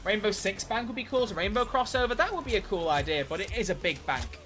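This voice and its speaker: Brief: male game streamer, bright, fairly high voice, rambling live commentary with light music under it. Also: animated, fast. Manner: rambling, chatty, self-mocking.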